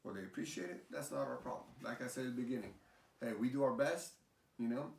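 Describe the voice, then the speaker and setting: Gravelly-voiced man talking in a roomy space. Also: medium pitch, quick pace. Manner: animated, rambling, repeats phrases. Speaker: realtor guest. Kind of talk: casual chat. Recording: roomy, distant mic, faint hiss.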